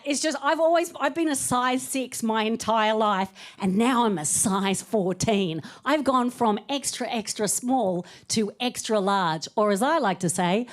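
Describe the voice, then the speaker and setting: A woman in her thirties doing a stand-up set on a comedy club stage, chatty and self-mocking, laughing through her punchlines. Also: a little high.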